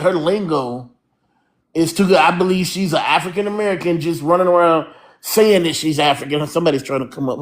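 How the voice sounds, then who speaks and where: A man hosting a live-stream panel, talking earnestly and rambling through his points. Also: a little high.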